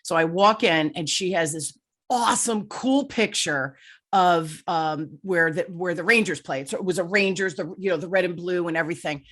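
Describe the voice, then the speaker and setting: A woman's voice: on the low side, moderate pace, a bit bright. A middle-aged woman hosting an interview podcast, telling an anecdote in a chatty, emphatic way. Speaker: podcast host. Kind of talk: conversational interview.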